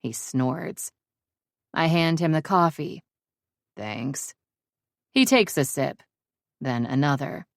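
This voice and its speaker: A woman narrating a first-person romance audiobook in a wry, even-toned storytelling manner. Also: deep voice, slow pace, no room sound, studio quality.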